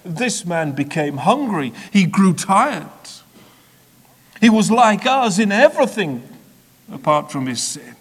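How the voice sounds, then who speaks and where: Slow, high-voiced male preacher. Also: very animated, slightly rough. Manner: dramatic, with sharp swings between soft and loud; measured, repetitive rhetorical build-up. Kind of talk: sermon.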